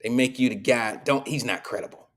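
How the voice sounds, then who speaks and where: A man's voice: mid-range voice, fairly quick. A middle-aged man hosting a live show, telling stories and preaching in a casual, slangy monologue to his audience.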